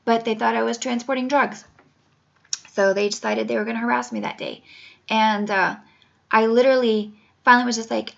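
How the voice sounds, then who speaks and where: A woman's voice: fairly high pitch, fairly even intonation, a little fast, creaky, a bit bright. A woman in her forties telling her own story as a patient advocate, earnest and emotional, close to tears. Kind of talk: personal testimony to camera. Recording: dull lo-fi home recording.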